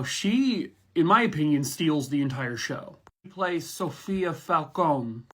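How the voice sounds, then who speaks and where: A man talking casually about shows he loves, with a somewhat high voice. He rambles, restarts and swears freely, full of enthusiasm. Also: fairly bright tone. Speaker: online reviewer. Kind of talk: casual review chat.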